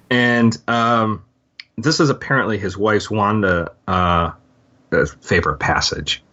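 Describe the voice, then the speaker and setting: Very deep-voiced man, rambling casually. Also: measured pace, bright, forceful tone, muffled recording. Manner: rambling, many fillers and restarts. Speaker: podcast co-host. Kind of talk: casual book-club discussion.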